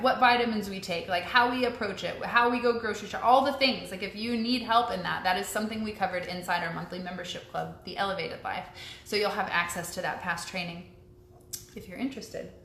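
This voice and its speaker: A chatty young woman hosts a casual live stream, answering viewer questions in an upbeat way with frequent ums and likes. Her mid-range voice is a bit bright. The echoey room carries faint ambience and slight background noise.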